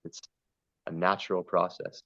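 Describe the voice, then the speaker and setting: A man's voice: deep voice, level tone, moderate pace, a bit bright, no echo, muffled recording. A man talking earnestly and at length in a spiritual conversation, wandering between ideas and stories. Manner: meandering, earnest, storytelling. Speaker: podcast guest.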